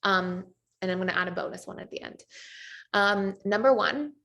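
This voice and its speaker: A woman's voice: mid-range voice, moderate pace, creaky, fairly bright tone, lo-fi sound. A woman teaching a relationship class as a coach, talking conversationally and acting out short quotes. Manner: conversational, with many fillers and acted-out quotes.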